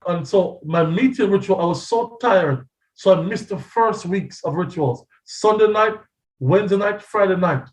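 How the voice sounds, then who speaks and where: Animated and high-sitting, a pastor's voice carries at normal speed through a testimony sermon, recounting his story with drama and impersonating the people he quotes. It was captured from a distance in an echoey space.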